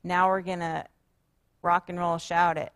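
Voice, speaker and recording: A woman's voice: on the low side, little pitch movement, unhurried, clear, resonant tone, dry recording. A woman pastor preaching a sermon, encouraging her congregation and leading them in repeated chanted affirmations. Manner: warm, encouraging, leads call-and-response chanting. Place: church sanctuary.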